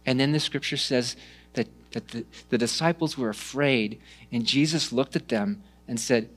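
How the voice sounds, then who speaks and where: Man, pastor, sermon, expressive storytelling, mid-pitched voice. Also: normal speed, slightly rough. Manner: animated storytelling, dropping to hushed tones.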